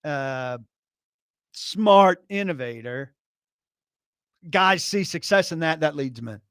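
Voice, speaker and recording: Man, sports radio co-host, lively pitch, dry mic, opinionated. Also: slow pace, clear, resonant tone, no echo. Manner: opinionated, pushes back. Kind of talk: casual sports talk radio.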